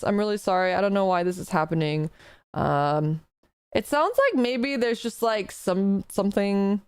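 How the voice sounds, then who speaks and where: A woman's voice: medium pitch, clean tone, dry recording, clean studio sound. A woman streaming a reaction video, chatting casually with viewers, apologetic and joking. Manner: chatty, apologetic, jokey asides.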